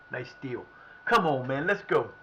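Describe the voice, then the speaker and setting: A man's voice: fairly high pitch, vocal fry, fairly bright tone, slight background noise, low-quality recording. A man streaming a football management game, talking at his players, often frustrated and swearing. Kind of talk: live gameplay commentary.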